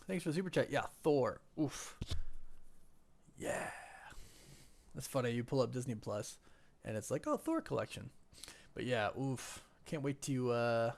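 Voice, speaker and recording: A man's voice: medium pitch, creaky. A man hosting a casual live stream from home on a desk microphone, with a weak voice today, chatting and greeting viewers by name. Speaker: livestream host.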